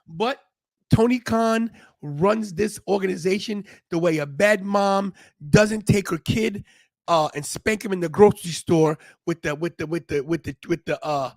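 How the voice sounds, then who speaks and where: A brash man hosting a live watch-along stream, ranting and rambling with frequent restarts. His voice sits high for a man. The sound is dry and close, with no room in it. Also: normal speed, no room sound. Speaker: wrestling podcast host.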